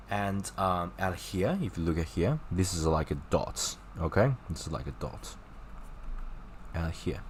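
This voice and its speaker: A man's voice: sits low, a little hiss or hum. A man teaching a casual online language lesson, chatty and encouraging, explaining with gestures and repeated examples. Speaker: Chinese teacher.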